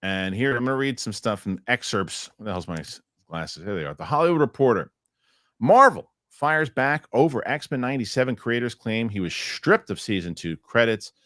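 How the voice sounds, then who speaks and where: On a dry, studio-quality recording, a man of medium pitch and moderate pace reads news aloud while co-hosting a live entertainment news program. Between items he chats casually, animated and joking, wandering off into rambling asides.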